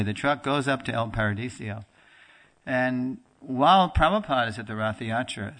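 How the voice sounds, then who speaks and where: A man leads a class in the manner of a storyteller, chatty and unscripted, with fillers and restarts. His voice sits at an ordinary middle pitch, and he slips into the people in his story, acting out what they say. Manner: animated storyteller, acts out quoted dialogue; conversational with fillers and restarts, laughs now and then. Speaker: teacher of a religious class. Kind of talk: storytelling lecture.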